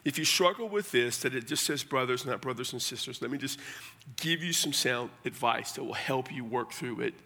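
A man's voice: medium pitch, animated, moderate pace, pushed and bright. A middle-aged man preaching a sermon as pastor, conversational and folksy with blunt asides. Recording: long hall reverb.

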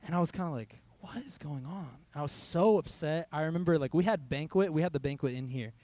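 A man's voice: fairly high pitch, quick pace, dark tone. A young man, a youth pastor, giving a conversational sermon in a church hall, telling a personal story and quoting his own thoughts.

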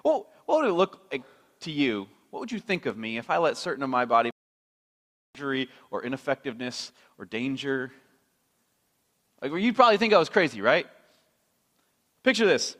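A pastor giving a sermon, animated and chatty, telling a story with acted-out voices. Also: male voice, medium pitch, moderate pace, pauses often. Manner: animated storytelling, acting out scenes with shifting voices. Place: church sanctuary. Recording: long hall reverb.

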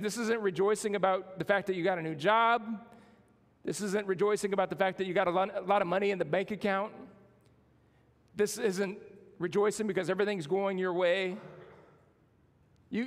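A man's voice: sits high, a little fast, in a large hall. A man preaching a sermon as pastor, building emphasis and calling on the congregation to respond.

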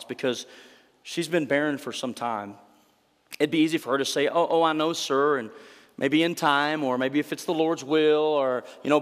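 A man's voice: on the high side, fairly bright tone, long reverb tail. A male pastor preaching an earnest sermon, voicing the quoted scripture lines as he tells the story.

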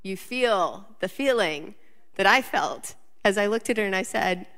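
A woman in her thirties preaching a sermon, telling a personal story and building to emphatic, animated lists. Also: medium pitch, a little slow, big-room sound. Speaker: pastor.

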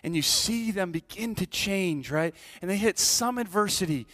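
Animated pastor, whispering to exclaiming. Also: male voice, normal speed. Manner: swings from hushed whispers to loud, high exclamations; repeats and restarts words often. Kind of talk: sermon.

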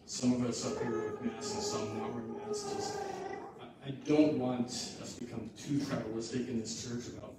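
Casual pastor in an echoey church. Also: male voice, mid-range voice, big pitch swings, normal speed, heavy background noise. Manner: informal, restarting asides. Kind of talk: sermon. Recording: echoey hall from far off.

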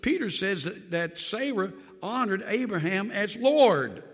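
An older man, a pastor of many years, preaching a sermon that swings from loud emphatic lines to quiet low drops, with joking asides. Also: lively intonation, a little slow, husky, long reverb tail.

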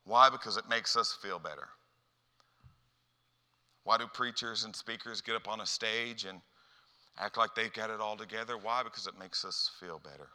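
A man preaching a sermon to a youth gathering, animated and rhetorical, often repeating words as he builds up steam. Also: fairly low pitch, normal speed, pauses often, in a large hall.

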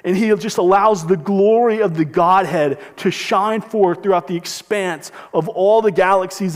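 A man with a fairly high voice preaches a sermon in earnest, pushing his voice up and pulling it back down to stress his points. His words ring out with the long reverb of a church hall. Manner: earnest preaching, emphatic rises and drops. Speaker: pastor.

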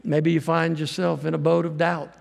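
A man preaching a sermon as a pastor, folksy and animated, acting out quotes as he goes. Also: on the high side, moderate pace, vocal fry, long reverb tail. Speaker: pastor and missionary.

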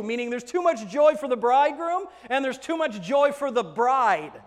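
High-voiced preacher man in a reverberant hall. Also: very animated, normal speed. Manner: emphatic, swings between hushed and loud passages. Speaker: pastor. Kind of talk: sermon.

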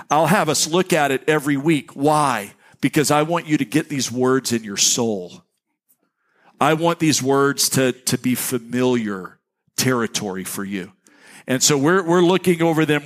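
A man preaching a sermon as a pastor, giving announcements and teaching in an energetic, conversational way with jokey asides. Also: on the high side. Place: church sanctuary with congregation.

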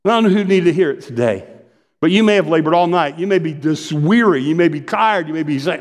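A middle-aged man and pastor preaching a conversational sermon, telling stories in an animated way and often interrupting himself. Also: on the high side, fast, in a large hall. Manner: animated storytelling, self-interrupting.

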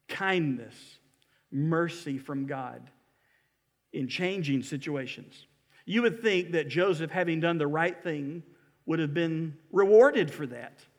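High-voiced, emphatic male preacher. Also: long reverb tail. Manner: animated storytelling, emphatic. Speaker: pastor. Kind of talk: sermon. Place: church building.

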